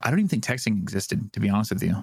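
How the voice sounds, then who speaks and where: A man's voice: lowish voice, very animated, very fast, gravelly, husky, no echo, clean studio sound. A man co-hosting a podcast, telling a story in a casual, profane way, breaking into laughs and acting out what people said. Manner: profane, laughs mid-story, acts out quoted dialogue. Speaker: podcast co-host.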